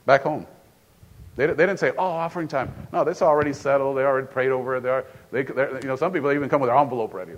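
A man's voice: mid-range voice, racing, few pauses, muffled recording. A man preaching a sermon in a church in a casual, conversational way, often repeating and restarting phrases. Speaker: pastor.

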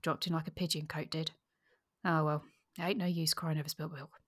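Brief: woman reading a sly, falsely mournful man, low husky tone. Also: flat delivery, a little fast. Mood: mock sad. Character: sly, quiet-spoken man, feigning sadness.

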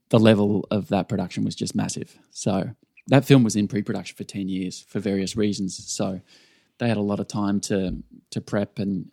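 A laid-back Australian stunt performer recounts his work in a relaxed, rambling way, full of fillers and restarts. His voice sits low and carries a gravelly edge. The sound is dry and close. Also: no echo. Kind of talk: casual storytelling interview.

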